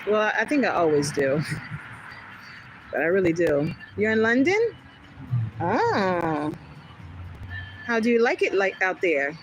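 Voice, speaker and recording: A woman hosting a casual livestream from home, chatting with viewers in a rambling, animated way and laughing often. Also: medium pitch, takes it slowly, pauses often, slight background noise, rough recording. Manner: chatty and rambling, jumping between topics. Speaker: livestream host. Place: home in California.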